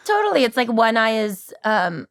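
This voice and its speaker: A woman's voice: fairly high pitch, sing-song, unhurried. A woman in her forties talking on a podcast as a guest. She tells stories with a lot of energy and laughs often. She acts out other people's voices as she goes. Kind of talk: casual chat.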